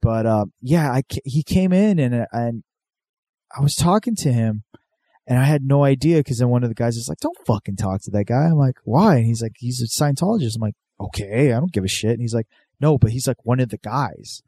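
A man's voice: mid-range voice, lively intonation, brisk, dark tone, no room sound. A man telling a rambling story in casual chat, loose and profane, with many fillers. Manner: rambling, profane, laid-back, lots of fillers.

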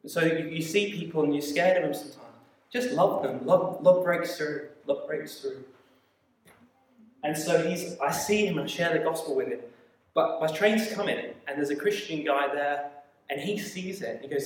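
A man preaching a sermon, telling a story in an animated way with quick asides and acted-out quoted voices. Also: on the high side. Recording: echoey hall, mic at a distance.

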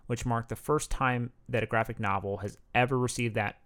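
In casual chat on a podcast he co-hosts, this man reads out facts with laughing asides. His mid-range voice moves fairly quickly, and his manner stays relaxed and chatty.

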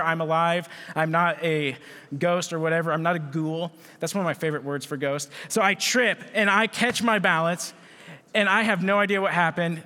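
Guy with a high bright voice telling funny stories to a big crowd on a mic, long hall echo. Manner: storytelling, animated, self-mocking. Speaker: youth speaker. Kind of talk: energetic talk to a crowd. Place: large hall with an audience. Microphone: handheld microphone. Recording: echoey hall.

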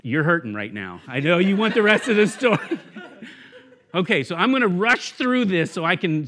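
A man preaching in an animated, storytelling way. His voice sits a little high and swings widely in pitch as he acts out moments of the story. He talks casually to the congregation. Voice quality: bald. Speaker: guest preacher, church network director. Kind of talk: sermon with storytelling.

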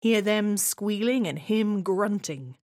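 A woman's voice: medium pitch, animated, slow pace, darkish tone, no echo, clean studio sound. A woman performing a scripted first-person monologue in a wry, reflective, conversational way.

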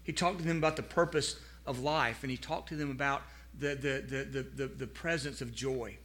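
A man preaching a sermon to a live congregation. He speaks earnestly, often repeats words as he starts over, slows down for scripture, and calls on the listeners to answer aloud. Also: medium pitch, steady tone, fairly bright tone. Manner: asks the congregation to respond aloud. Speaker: pastor.

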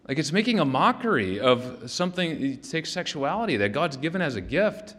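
A man's voice: fairly high pitch, very animated, a little fast, few pauses, fairly bright tone. Conversational male pastor in a reverberant hall. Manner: conversational, often checks in with "right?"; loose, with frequent restarts and fillers. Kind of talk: sermon. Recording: long reverb of a large hall.

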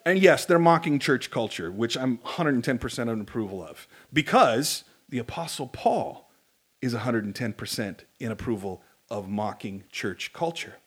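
A male pastor preaching a sermon in an animated, conversational way, with humorous asides. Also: mid-range voice, normal speed, slightly rough.

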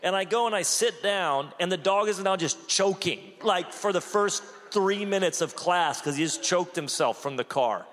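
Male pastor in his 40s, animated storytelling sermon, slightly high voice, long church reverb. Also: moderate pace, few pauses. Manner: animated storytelling, acts out quotes.

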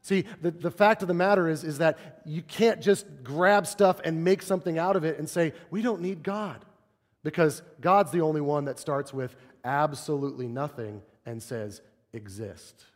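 A man's voice: on the high side, moderate pace, hardly any pauses. A man preaching a sermon, telling stories and acting out the quotes he cites. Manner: animated storytelling, acts out quotes. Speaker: pastor. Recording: long reverb of a large hall.

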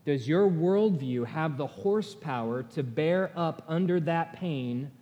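A male pastor preaches in a slow, earnest, measured way, leaving long pauses between phrases. His voice sits a bit high for a man and lifts when he reads out laments. The sound carries the long tail of a big church hall. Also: lively intonation, warm tone. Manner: slow, earnest, pausing delivery, rising for quoted laments. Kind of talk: sermon. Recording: long reverb of a large hall.

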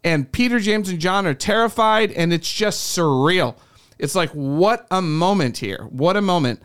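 A man's voice: high voice, expressive, measured pace, fairly bright tone, smooth. A man hosting a podcast, chatting casually and cracking self-deprecating jokes in a studio. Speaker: podcast host. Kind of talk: casual chat.

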